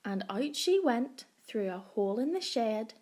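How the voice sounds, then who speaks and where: A woman primary school teacher reading a picture book aloud to young children. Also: fairly high pitch. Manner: slow, expressive.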